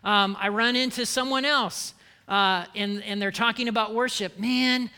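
This American man pastors with a conversational sermon, joking with and teasing the congregation in a playful way. His high, smooth voice is bright and forceful, with fairly even intonation at a moderate pace, and the room adds a long hall reverb.

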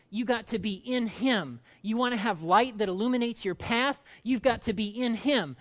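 A male pastor delivering a sermon in an animated way, acting out quotes and quizzing his congregation. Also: sits high.

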